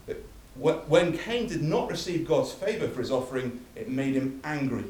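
A man's voice: medium pitch, normal speed, darkish tone. A man preaching a sermon, emphatic and building through repeated phrases, recorded from a distance in a church hall. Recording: echoey hall from far off.

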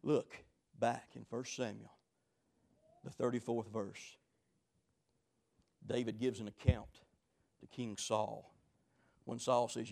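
A man preaching a sermon, telling stories dramatically, swinging between shouting and low murmurs. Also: level tone, slow, vocal fry, pauses often.

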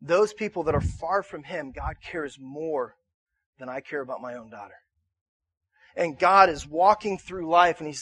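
A male pastor in his thirties preaching a conversational sermon to a room, repeating himself and rising to shouts in his stories. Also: a little high, unhurried, husky, dry recording. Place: church auditorium.

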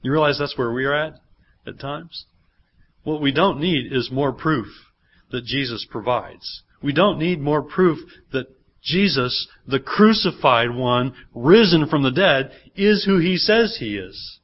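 A man's voice: medium pitch, expressive, a little slow, slightly rough. A man preaching a sermon as pastor, switching between teaching and acting out the people in the reading. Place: church. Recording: dull lo-fi sermon recording.

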